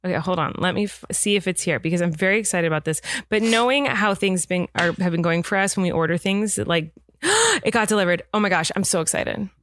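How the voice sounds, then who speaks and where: A woman's voice: fairly low pitch, a little fast, a little hiss or hum. Chatty laughing woman podcast co-host. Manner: chatty, laughs often, excitable. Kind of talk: casual chat.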